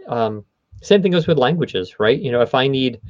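A voice studio owner explains at length how the voiceover business works in a conversational interview, often backing up to rephrase. His mid-range voice has lively intonation and moves at a normal speed. The recording is dry and a little dull, with no echo.

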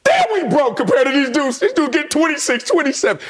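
A former pro football player co-hosting a sports debate show, talking emphatically and playfully. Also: male voice, very animated, fairly quick. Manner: emphatic, swooping pitch, playful.

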